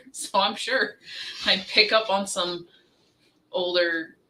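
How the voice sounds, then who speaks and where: A playful woman chatting casually and teasing her co-host, often giggling. Her tone is very bright and sharp. She sounds set back from the microphone. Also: medium pitch, fairly even intonation, slow, distant mic, slight background noise, rough recording. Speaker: writing sprint co-host. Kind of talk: casual group chat on a livestream.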